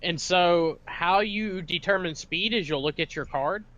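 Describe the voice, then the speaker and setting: Guy explaining board game rules step by step, fairly bright clear tone, methodical. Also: sits high, a little slow, muffled recording. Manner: patient, methodical, walks through steps. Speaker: podcast co-host explaining rules.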